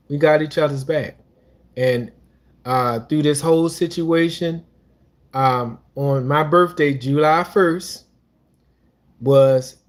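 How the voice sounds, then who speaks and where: A man's voice: fairly high pitch, fairly bright tone. A man co-hosting a couples channel, talking casually and rambling about his life, with restarts and religious asides. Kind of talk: casual personal talk.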